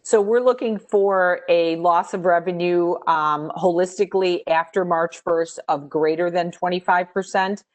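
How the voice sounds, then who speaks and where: A woman answering questions about a grant program in a webinar, explaining in a measured way with pauses and fillers. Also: lowish voice, steady tone.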